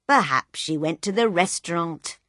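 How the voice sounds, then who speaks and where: A woman doing a calm worldly man. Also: lowish voice, no echo, clean studio sound. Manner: calm, unhurried.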